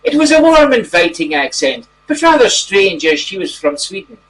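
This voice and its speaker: A man playing a genteel titled gentleman reading a mock bedtime story to children in a gentle, drawn-out way. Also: high voice, very animated. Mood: storytelling. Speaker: storybook reader. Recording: distant mic, faint background noise.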